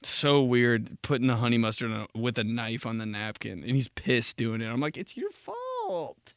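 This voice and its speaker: A man's voice: mid-range voice, steady tone, moderate pace, fairly bright tone, smooth, dry recording, studio quality. A young man hosting a casual solo podcast, rambling through profane stories and laughing at his own jokes. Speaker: podcast host.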